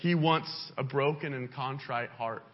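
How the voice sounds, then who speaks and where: A male pastor delivering a sermon in a church, with an impassioned delivery that swings up and down in pitch. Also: a little slow. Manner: impassioned, pitch rising and falling widely. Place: church sanctuary. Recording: dull lo-fi sound.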